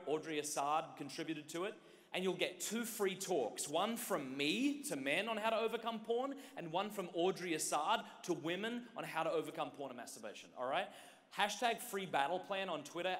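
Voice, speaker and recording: A man with a high, bright, forceful voice gives an energetic talk to a big crowd. He jokes and keeps turning to the listeners. His voice carries a long echo around the hall. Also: moderate pace. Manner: joking, direct, keeps addressing the audience. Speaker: youth conference speaker. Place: large conference hall with an audience.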